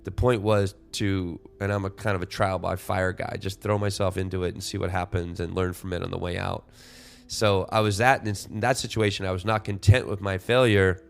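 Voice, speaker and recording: Deep-voiced man musing on a podcast. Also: flat delivery, moderate pace, vocal fry. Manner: rambling, many restarts and "you know" fillers. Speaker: podcast host. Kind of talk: solo reflective podcast talk.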